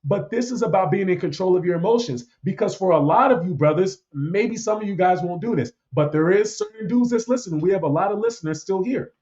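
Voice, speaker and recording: Preachy man with a higher voice, lo-fi. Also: expressive, fairly quick, hardly any pauses, darkish tone. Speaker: podcast host. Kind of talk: opinionated casual commentary.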